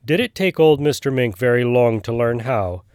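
A man's voice: mid-range voice, lively intonation, moderate pace, a little mellow, clear, resonant tone, no echo, lightly acted. Young male rabbit, eager, wistful, pleading, storybook, read by a man, dry sound.

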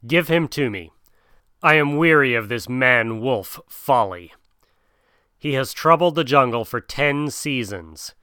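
A man's voice: medium pitch, sharp tone, clear, resonant tone, dry recording, studio quality. A man voicing a menacing male tiger who roars and snarls with hatred. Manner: roaring, snarling.

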